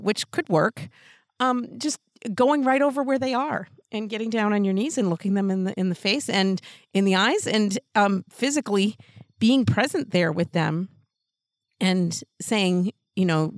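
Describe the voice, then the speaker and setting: A woman hosting a parenting show, giving earnest, gentle advice in a casual way and laughing lightly between thoughts. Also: mid-range voice, animated, moderate pace, no room sound, clean studio sound. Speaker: parenting podcast host.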